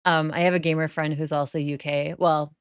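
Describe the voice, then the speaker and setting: Her voice is deep and smooth, fairly flat in delivery and a little fast, with no room sound at all. Playing a life-sim game, the northern American woman, whose accent is close to Canadian, talks casually to her audience and often breaks into laughter.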